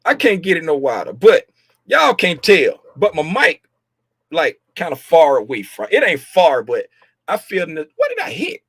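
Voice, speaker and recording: A man hosting a casual livestream about market futures, talking loudly and playfully, joking with viewers and slipping into sing-song bits, with a desk mic about a foot away. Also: fairly high pitch, sing-song, a little slow, slightly rough, dry recording, studio quality. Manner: playful, chatty, jokes with viewers. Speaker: host reviewing market futures.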